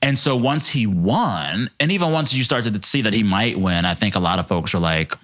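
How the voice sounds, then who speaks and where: Low-voiced man telling animated stories. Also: moderate pace. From Texas. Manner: animated storyteller, jumps into high voices for quoted people. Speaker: podcast guest. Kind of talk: casual storytelling chat.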